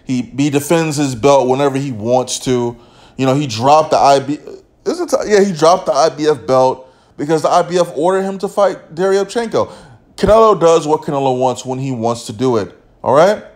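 A man's voice: on the high side, animated, normal speed, a little mellow. A man who runs a boxing channel, ranting casually in slangy, profane, mocking talk. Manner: reads a quote aloud in a stilted voice. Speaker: boxing commentary vlogger. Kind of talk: casual rant to camera.

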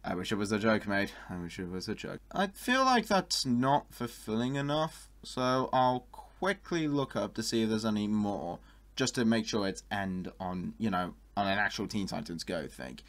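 Young guy, lowish voice, chatty reaction host, excitable with loud outbursts. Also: normal speed. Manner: excitable, bursts into high exclamations, laughs often. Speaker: YouTuber reacting to online art. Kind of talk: casual reaction commentary.

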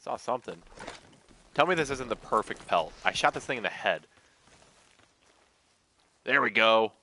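A man's voice: medium pitch, expressive, moderate pace, creaky, pushed and bright, a little hiss or hum. A man streaming a game live, chatting casually, swearing and talking to the animals on screen. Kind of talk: live gameplay commentary.

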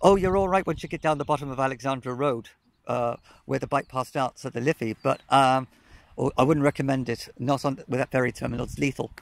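A man's voice: medium pitch, a little fast, creaky. A man chatting on a casual outdoor vlog, telling rambling stories with lots of fillers, recorded on a phone camera out in remote countryside. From Wales. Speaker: cycling vlogger.

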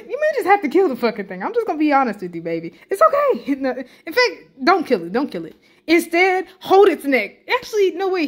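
A woman reacting out loud while playing a story game, tossing out slang and swear words between bursts of laughter. Her voice sits high and jumps all over the place as she reacts.

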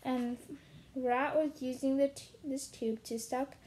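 A woman reading a children's book aloud in a steady way, with small slips and restarts. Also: high voice, slow, slight background noise, low-quality recording. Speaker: storyteller.

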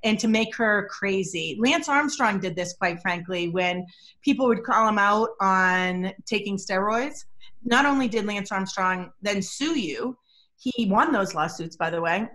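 A woman's voice: medium pitch, measured pace, a bit bright. A middle-aged woman, a body language expert, talking energetically and emphatically as a podcast guest. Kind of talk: podcast interview.

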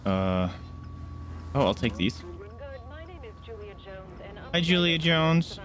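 A man's voice: on the high side, sing-song, very slow, a bit bright. A man hosting a let's play, commenting on a horror game with sarcasm and frequent swearing. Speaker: gaming channel host.

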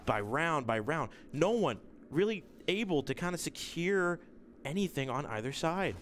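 A young man casting a college esports match, excitable and animated, often laughing. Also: fairly high pitch, moderate pace, a little hiss or hum. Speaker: esports caster. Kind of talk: play-by-play esports commentary.

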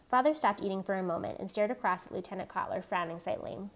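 A woman reading a novel aloud in a steady, even narrating voice. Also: medium pitch, fast talker, hardly any pauses. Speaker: reader.

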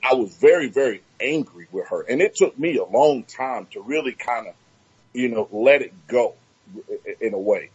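A man's voice: medium pitch, animated, moderate pace, husky, lo-fi sound. A man from Miami hosting an interview, talking reflectively and searching for his words. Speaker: host. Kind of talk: casual interview talk.

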